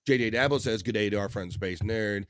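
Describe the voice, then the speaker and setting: A man's voice: fairly low pitch, fairly quick, slight background noise. A man hosting a livestream, reading viewers' chat messages aloud in an upbeat, playful way and riffing on their names. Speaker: livestream host.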